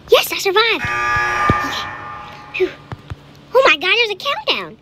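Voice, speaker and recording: A young woman giving lively running commentary on a scary game as host of a gaming channel, chatty and jumpy. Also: extremely high pitch, measured pace, long pauses, over loud music. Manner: excitable, jumpy, chatty, yelps and laughs at scares. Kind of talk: live gameplay commentary.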